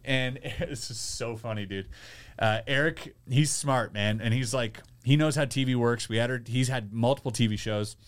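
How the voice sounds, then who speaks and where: A man's voice: mid-range voice, moderate pace. A man telling a story in casual podcast chat, acting out the people he quotes. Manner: animated storyteller, acts out quotes. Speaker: podcast guest.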